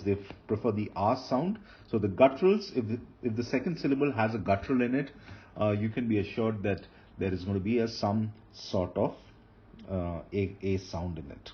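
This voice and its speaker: A man teaching Hebrew grammar as he writes on a board, patiently repeating key terms and restarting phrases. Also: on the low side. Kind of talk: explanatory lecture while writing on a board. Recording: dull lo-fi sound with faint noise.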